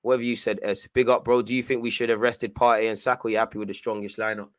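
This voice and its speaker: A young man giving live fan commentary on a football match, shouting at the referee and players and urging his team on. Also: on the low side, level tone, quick pace. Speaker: football watchalong host.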